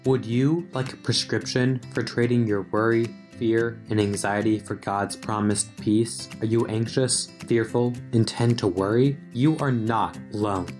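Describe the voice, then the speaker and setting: A man's voice: fairly low pitch, a little mellow. A man reading a scripted radio advertisement. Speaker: ad announcer. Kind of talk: scripted ad read.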